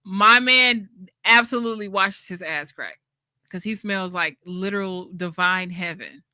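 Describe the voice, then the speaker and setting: A woman's voice: medium pitch, unhurried, sharp tone, clear, resonant tone, no echo. Woman doing a casual livestream, blunt and laughy, dry close sound. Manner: blunt, laughing often, with slang. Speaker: channel host.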